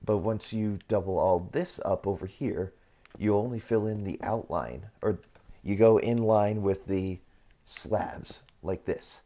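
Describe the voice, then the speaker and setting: Low, mellow-voiced man rambling through a tutorial. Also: unhurried. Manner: rambling, repetitive, self-correcting. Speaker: YouTuber hosting a gaming channel. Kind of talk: casual build tutorial commentary.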